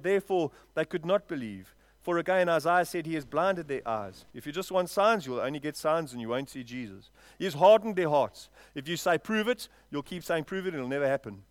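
A man with a high voice preaches a sermon, dry and close with little room sound. He swings from loud, drawn-out lines down to quiet asides. He keeps turning to his congregation with questions. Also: lively intonation, no echo. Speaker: pastor. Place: church, before a congregation.

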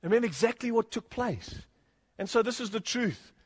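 A man's voice: extremely high pitch, expressive, fairly quick, breathy edge. A man preaching an earnest expository sermon, often rising to emphatic points and chuckling between them. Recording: long hall reverb.

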